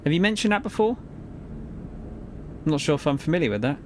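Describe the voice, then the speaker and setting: A man's voice: a little high, animated, quick pace, darkish tone, slight background noise. Laid-back man rambling on stream. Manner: rambling, laid-back, swears and laughs often. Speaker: game streamer. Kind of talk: casual live-stream chat while gaming.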